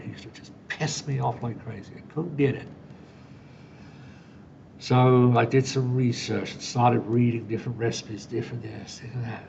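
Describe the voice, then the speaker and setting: A man's voice: gravelly, a little mellow. A man hosting a solo podcast, talking casually and telling stories with acted-out dialogue. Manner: casual storytelling, acts out quoted dialogue. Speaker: podcast host. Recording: dull lo-fi sound with faint rumble.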